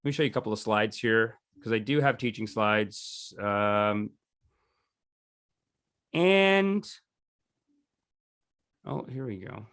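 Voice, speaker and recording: A man's voice: on the low side, animated, slow, pauses often, a bit bright, clear, resonant tone, no echo. A man teaching a meditation session in a loose, rambling, jokey way, often restarting his sentences. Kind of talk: casual teaching talk.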